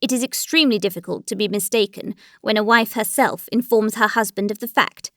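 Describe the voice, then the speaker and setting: A cold and wounded aristocratic husband speaks in measured, formal phrases, read by a woman narrator. Beneath the stiffness there is bitterness. The recording is dry and close-miked. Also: medium pitch, fairly bright tone, dry recording, close to an everyday voice. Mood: bitter.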